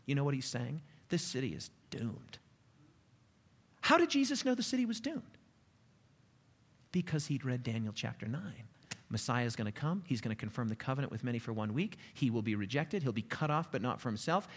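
A man preaching a sermon, reading scripture aloud with dramatic swings from loud declaiming to hushed, quiet asides. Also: medium pitch, animated, brisk. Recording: long hall reverb.

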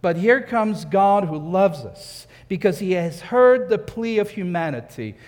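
A man's voice: high-pitched, expressive, a little slow, darkish tone, long reverb tail. A man preaching a sermon, emphatic, repeating key phrases and asking rhetorical questions. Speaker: pastor.

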